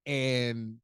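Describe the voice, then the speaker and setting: A man's voice: medium pitch, clean tone, no room sound, clean studio sound. A man telling a rambling, profane story in a casual podcast monologue, full of restarts. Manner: profane, rambling, animated anecdote with many restarts. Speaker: podcast host.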